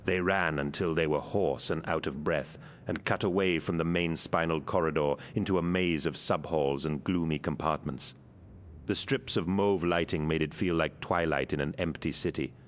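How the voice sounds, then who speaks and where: A man narrating an audiobook in a steady, measured way. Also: rumbling low, slight background noise.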